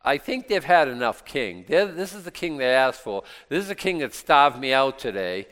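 Male Bible teacher, smooth resonant voice in a long-reverb hall, reads verses then drops into wry asides. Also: medium pitch, very animated, moderate pace. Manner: reads verses loudly, comments in asides, casual and sarcastic. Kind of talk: Bible study teaching, reading scripture aloud.

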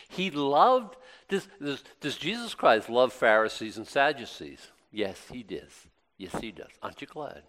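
Male preacher, middle-aged, bright ringing tone, conversational sermon, rhetorical questions. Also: mid-range voice, long reverb tail.

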